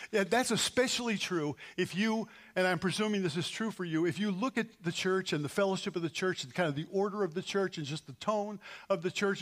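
Casting: New pastor, man, slightly high voice, earnest prayer that swells into emphatic calls. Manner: earnest, builds to emphatic peaks. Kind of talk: sermon prayer. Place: church sanctuary.

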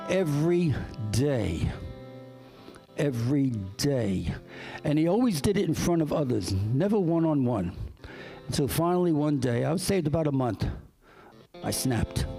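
A man's voice: mid-range voice, creaky. A man preaching a sermon, earnest and emphatic, repeating his key phrases as he tells personal stories. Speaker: pastor. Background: soft guitar music.

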